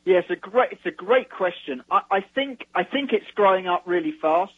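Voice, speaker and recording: A man's voice: sits high, lively intonation, breathy edge. A man, a guest author, explaining his views on marketing in an interview, restarting his sentences as he goes. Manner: measured, explanatory, repeats words as he starts. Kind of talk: interview over the phone. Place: London. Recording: tinny phone line.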